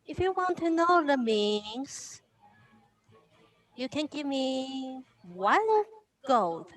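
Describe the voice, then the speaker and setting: A woman playing in a tabletop game, speaking in halting, broken phrases. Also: sits high, expressive, fairly bright tone. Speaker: player. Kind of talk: tabletop role-play.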